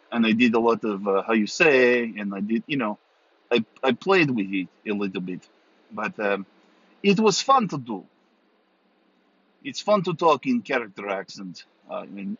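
A man's voice: medium pitch, slightly rough, no echo. A man voicing his tabletop role-playing character, an adventurer with a put-on Russian accent and clipped, broken grammar. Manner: broken grammar, dropped articles. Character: gruff male Russian-accented adventurer, young adult. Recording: dull, dry recording.

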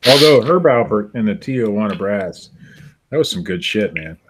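A man's voice: fairly low pitch, lively intonation, normal speed, background noise. A man co-hosting a podcast in casual chat, easygoing and amused. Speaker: podcast co-host.

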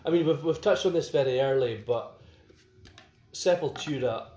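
A man in his forties co-hosting a casual music podcast, eager and quick to chime in and finish his partner's sentences. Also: mid-range voice, warm tone. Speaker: podcast co-host. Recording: roomy recording.

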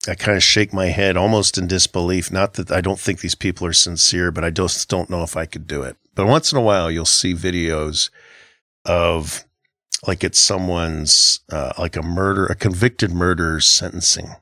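A man's voice: low voice, steady tone, normal speed, bright, forceful tone, no echo, studio quality. A middle-aged man co-hosting a casual Christian podcast, talking in an earnest, reflective way with frequent halts and restarts. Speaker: podcast co-host.

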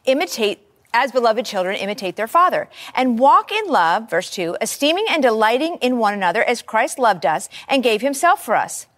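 A woman preaching a sermon, reading scripture and talking it through in a conversational, animated teaching manner. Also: on the high side, moderate pace.

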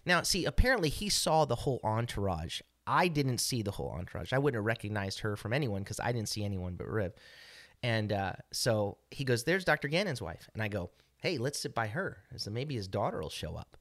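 A man's voice: lowish voice, expressive, a little fast, a bit bright, no room sound, clean studio sound. A middle-aged man co-hosting a podcast, telling a story casually in a rambling way with many restarts and fillers. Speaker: podcast co-host.

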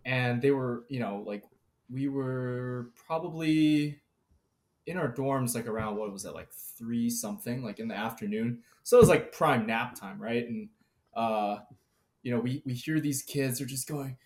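A man's voice: mid-range voice, a little slow, a little mellow. A young adult man co-hosting a podcast, telling a story casually, hesitant and laughing often. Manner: laughs through his story, hesitant with fillers. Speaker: podcast co-host.

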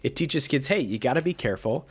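A man in the middle of a laid-back podcast conversation, his voice sitting at an ordinary pitch. He wanders through his thoughts, hesitating, restarting and leaning on fillers as he goes. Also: expressive, fast, slightly rough. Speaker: podcast co-host. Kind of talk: casual chat.

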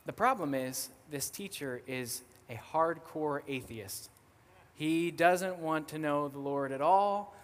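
A young man, a missionary guest speaker, tells a story in a sermon, lively and casual with frequent fillers. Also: fairly high pitch, normal speed, big-room sound. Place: church sanctuary.

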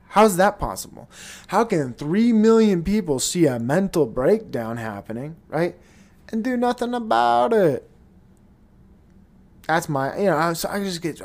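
A man's voice: a little high, a little mellow. A man hosting his own show in a rambling, profane, blunt casual monologue. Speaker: podcast host.

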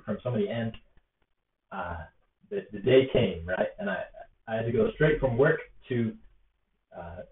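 A man's voice: medium pitch, echoey room. Young man, casual rambling storytelling, filler words, laptop mic, distant, tinny phone-like sound. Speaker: rally organizer. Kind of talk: casual spoken reflection to camera. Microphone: laptop or tablet built-in mic.

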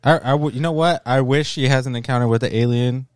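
A man's voice: medium pitch, fast, clean tone, dry recording, studio quality. A man co-hosting a casual chat podcast, crude and swearing as he jokes. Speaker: podcast co-host.

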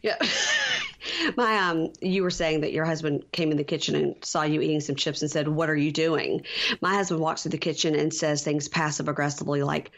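A woman's voice: sits low, very animated, normal speed, a bit bright. A middle-aged woman co-hosting a casual podcast recap, rambling with many fillers and losing her place. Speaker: podcast co-host.

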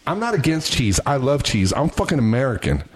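A man's voice: mid-range voice, big pitch swings, brisk. A man hosting a casual podcast at a house, bossy and repeatedly stalling his friends. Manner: bossy, keeps stalling with "hold on". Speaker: podcast host. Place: house, with friends around a table. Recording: crowded room chatter. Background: friends talking over him.

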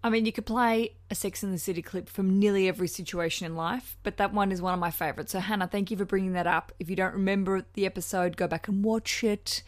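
A woman's voice: medium pitch, fairly even intonation, quick pace, few pauses, a little hiss or hum. A woman with a New Zealand accent hosting a podcast, chatty, gushing and frankly cheeky as she gives advice. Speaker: podcast host. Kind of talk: casual podcast chat.

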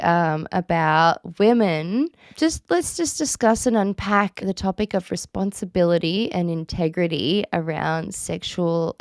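A woman's voice: fairly low pitch, a little mellow, no room sound, clean studio sound. An Australian woman hosting a podcast, affirming her guest and steering the conversation in a casual chat. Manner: affirming listener who steers the topics.

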